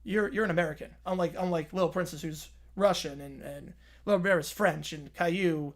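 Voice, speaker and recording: A man's voice: fairly high pitch, fairly quick, pitched below the performer's own voice. A man voicing a boastful older billionaire boss who repeats short, scornful insults.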